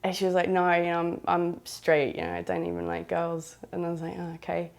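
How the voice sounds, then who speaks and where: A southern English woman recounts her own story in a frank, rambling, chatty manner, dropping in British slang as she goes. Her voice sits a little low for a woman. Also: level tone, a little fast, gravelly. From southern England. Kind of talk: candid first-person storytelling.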